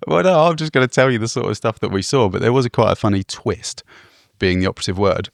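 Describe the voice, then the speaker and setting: A man's voice: lowish voice, fast, gravelly, no echo, studio quality. A man co-hosting a travel podcast, telling a rambling, self-deprecating story with small chuckles. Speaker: podcast co-host.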